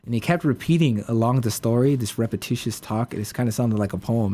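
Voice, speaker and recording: A man's voice: mid-range voice, fairly quick, few pauses, dark tone, soft background music. A man hosting a podcast, retelling a story in a casual, rambling way full of fillers and restarts. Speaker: podcast host.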